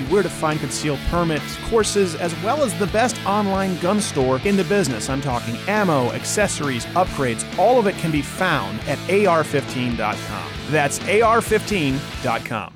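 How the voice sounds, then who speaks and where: A man hosting a comedic political talk show, loud and sarcastic, sometimes shouting in mock voices. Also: fairly high pitch. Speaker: podcast host.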